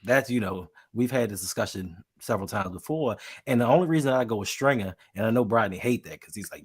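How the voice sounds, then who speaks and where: A man with a Baltimore accent chats on a podcast, acting out the voices in his stories. His tone is a little husky and rough at the edges. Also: lowish voice, fast, hardly any pauses. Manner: animated storyteller, acts out quotes. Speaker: co-host. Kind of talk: casual podcast chat.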